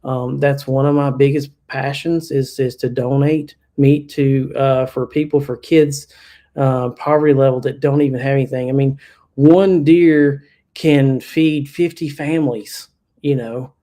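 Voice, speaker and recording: A Kentucky hunter appearing on a podcast chats casually in an interview, plainspoken and prone to fillers and restarts. His mellow, mid-range voice runs a little slow with fairly even intonation.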